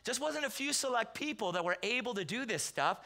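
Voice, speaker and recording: A man preaching a sermon in a Southern California accent. He tells stories in a loose, conversational way and acts out the quotes in loud bursts. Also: extremely high pitch, lively intonation, fairly quick, gravelly. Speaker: pastor. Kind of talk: sermon with storytelling. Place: church sanctuary.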